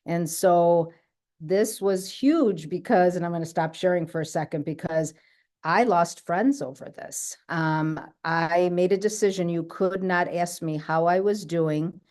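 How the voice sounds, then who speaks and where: On a video call, a woman with a fairly low, darkish voice shares the story of her own healing at a measured pace. She keeps it chatty and casual, often checking in with a "right?"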